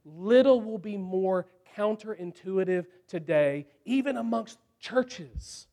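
Male preacher, higher register, deliberate and emphatic sermon delivery. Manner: slow, emphatic preaching with dramatic pauses.

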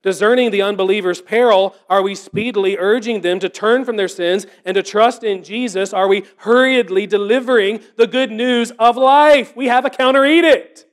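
A man preaching a sermon as pastor, earnest and rhetorical, asking repeated questions and dropping to a hushed voice. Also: sits high, moderate pace, few pauses.

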